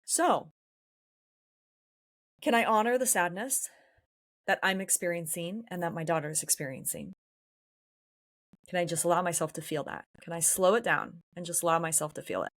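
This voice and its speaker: A woman's voice: fairly low pitch, animated, normal speed, long pauses. Candid, introspective woman podcaster. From San Diego, California. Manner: candid, introspective, emotionally open. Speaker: podcast host. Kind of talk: personal reflective monologue.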